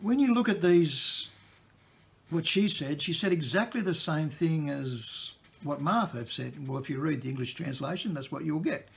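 A male preacher delivering a sermon with a gravelly, creaky edge to his voice. His pitch sits a little higher than most men's, and he explains the passage in an easygoing, conversational teaching manner. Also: expressive, normal speed. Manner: plain-spoken, conversational teaching.

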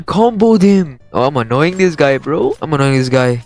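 A man hosting a gaming channel, giving excitable gameplay commentary and repeating playful taunts at other players. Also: a little high, normal speed, hardly any pauses, soft background music.

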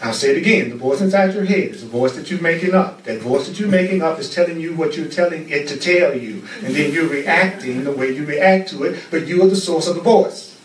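A man's voice: fairly high pitch, fairly quick, few pauses. Fervent male teacher in a roomy echo. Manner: fervent, repetitive preaching cadence. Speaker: spiritual teacher. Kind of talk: teaching class. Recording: roomy echo, far from the mic.

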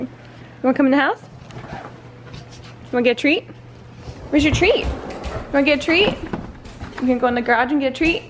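A woman's voice: sits high, wildly swooping pitch, normal speed, long pauses, a little hiss or hum. A woman vlogging at home with a handheld camera, chatting in an upbeat way and talking fondly to her dogs. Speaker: lifestyle vlogger. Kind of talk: casual home vlog chat. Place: at home and around the backyard.

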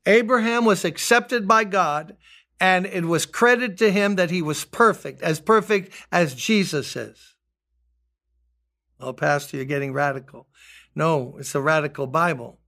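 An older man preaching a sermon as pastor, emphatic, repeating key words and rising high on his appeals. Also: measured pace, bright, forceful tone.

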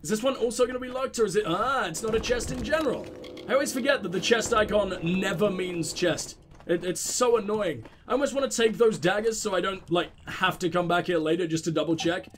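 A man's voice: sits high, brisk, a bit bright, a little hiss or hum. A man hosting a let's play, rambling through casual game commentary with self-mocking jokes and lots of swearing.

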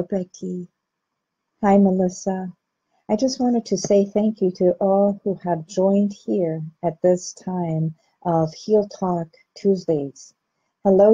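A woman's voice: fairly low pitch, mellow, slightly rough, highs cut off. A middle-aged woman, a clinical hypnotherapist, hosting a heartfelt live talk and greeting viewers by name. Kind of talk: inspirational live-stream talk.

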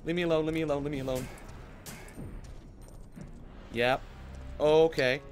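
Male gamer, raised pitch, panicky let's-play commentary, game music faint behind. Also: fairly even intonation, unhurried. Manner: frantic pleading and swearing at the game. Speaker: gaming YouTuber.

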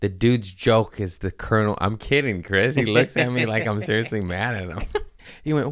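A man's voice: fairly low pitch, normal speed, dry recording, studio quality. A man chatting on a podcast, telling loose, rambling stories with frequent laughs, swearing and restarts. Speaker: podcast guest comedian. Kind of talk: casual storytelling chat.

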